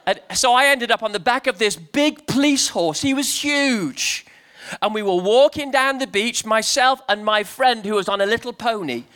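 Animated high-voiced preacher. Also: male voice, normal speed, clear, resonant tone. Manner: animated, playful, leads the audience in shouting. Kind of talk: lively storytelling sermon to a crowd.

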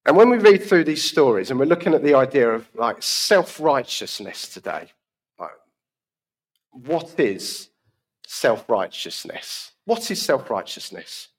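A man's voice: medium pitch, sing-song, measured pace. A man giving a conversational sermon in a church service, often asking the congregation questions. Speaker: preacher.

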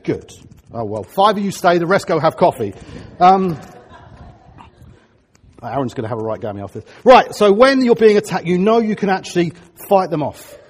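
A middle-aged man preaching a sermon, telling stories in an animated way with sudden loud bursts. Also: high-pitched, moderate pace, breathy edge.

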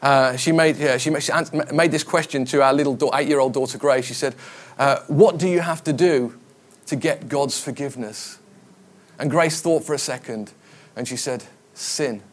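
A man's voice: mid-range voice, moderate pace. A middle-aged man, a pastor, preaching a conversational sermon, with stories and quoted voices.

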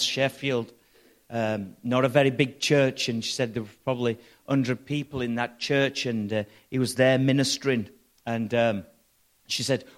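A man preaching a sermon, telling a story that builds to loud, excited bursts with laughter. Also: medium pitch.

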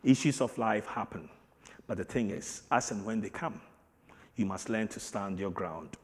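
A man preaching a sermon with emphatic, swinging delivery, booming declarations dropping to quiet asides. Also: normal speed. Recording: long hall reverb.

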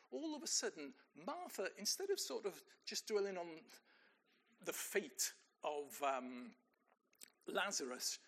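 A man's voice: sits high, pushed and bright. An older man preaching a sermon in a conversational way, putting rhetorical questions to his congregation.

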